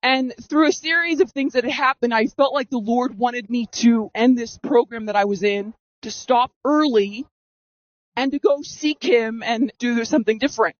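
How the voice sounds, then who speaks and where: Woman, around thirty, high voice, earnest dramatic storytelling, voice-masking filter, dull dry recording. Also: moderate pace, no echo. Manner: earnest, dramatic, re-enacting her own past reactions. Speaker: storyteller giving personal testimony. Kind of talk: first-person storytelling.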